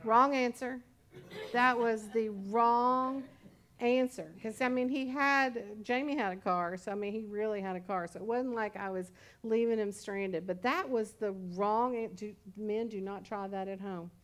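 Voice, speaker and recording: A woman's voice: medium pitch, normal speed, hardly any pauses. A woman pastor in her sixties preaching a sermon in a conversational, storytelling way with humorous asides. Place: church service.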